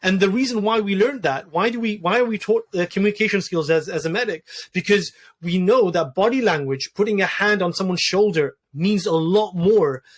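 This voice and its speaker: A man's voice: sits high, a little fast, few pauses. A man in his thirties talking earnestly about personal grief in a conversation, often restarting and repeating words. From Wales. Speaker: podcast guest, doctor.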